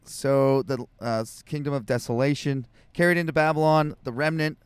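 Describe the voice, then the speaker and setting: A man co-hosts a casual, comedic podcast from a home setup in Austin, reading scripture aloud between loose tangents. His mid-range voice is clear and resonant, with fairly even intonation, a moderate pace, and no echo.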